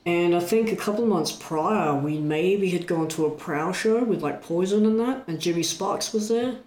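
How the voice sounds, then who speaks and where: A man retelling a story in a casual chat, animated and full of restarts. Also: high voice, moderate pace. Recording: echoey room.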